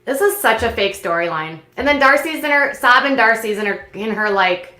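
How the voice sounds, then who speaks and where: A woman with a bright, slightly high voice talks through a reality TV episode in a casual, sarcastic recap. Her commentary is snarky, and she slips into mocking impressions of the people on screen. The sound is roomy, with noticeable echo around her. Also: animated, normal speed. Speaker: commentary host.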